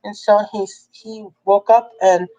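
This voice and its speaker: A young adult woman telling a personal story in a casual, chatty way, jumping up in pitch when she quotes people. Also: a little slow, lo-fi sound. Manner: chatty, animated when quoting others. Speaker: vlogger.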